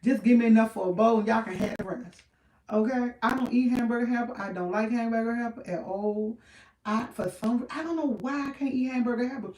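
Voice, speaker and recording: A woman's voice: fairly high pitch, a little fast, a little mellow, far from the mic. Chatty woman, roomy off-mic sound. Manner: chatty, rambling, laughs often. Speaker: livestream host. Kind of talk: casual live chat with viewers.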